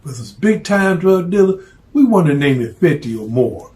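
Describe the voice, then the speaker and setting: A blunt, streetwise man recounting a story in plain, profane talk. His voice sits a touch higher than most men's, and he keeps it casual and direct. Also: sing-song, fairly quick, a little mellow.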